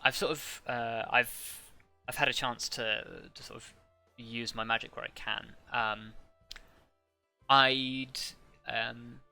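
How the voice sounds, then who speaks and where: A man's voice: mid-range voice, level tone, takes it slowly, creaky, sharp tone, clear, resonant tone, faint music behind, heavily acted. A man voicing a deferential male wizard ranger who speaks courteously and hesitantly, full of fillers and restarts.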